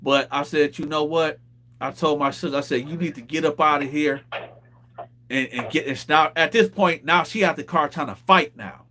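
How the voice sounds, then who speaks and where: A man hosting a casual talk show, telling a street story with lively acted-out quotes. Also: a little high, moderate pace, a little hiss or hum. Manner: animated storyteller, acts out quoted voices. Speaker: host.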